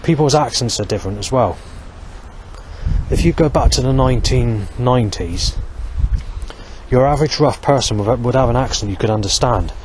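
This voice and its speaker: A middle-aged male vlogger rambles through a meandering monologue, restarting often and swearing frequently. His voice is medium-pitched and his pace moderate, with street and traffic noise in the outdoor recording.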